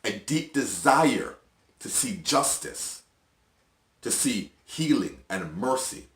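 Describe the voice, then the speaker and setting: A middle-aged man sharing his personal testimony in an earnest, halting, emotional way, with restarts and soft laughs. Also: mid-range voice, very animated, echoey room. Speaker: video host.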